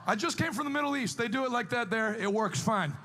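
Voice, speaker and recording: A man preaching and telling stories with a bold, fiery delivery that rises into shouts. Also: extremely high pitch, fast talker. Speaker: evangelist preacher. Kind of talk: preaching and storytelling.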